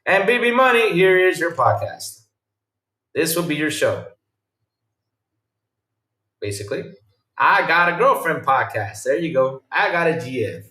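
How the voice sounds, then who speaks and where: Animated man hosting a gaming podcast. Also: a little high, reverberant. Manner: animated, laughs often, repeats himself. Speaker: podcast host reading live chat. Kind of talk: casual livestream chat.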